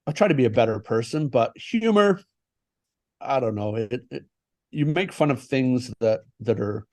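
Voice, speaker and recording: A man, a tattoo artist, chatting casually and swearing often, with halting restarts. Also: medium pitch, animated, a little mellow, no echo. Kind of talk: casual podcast chat.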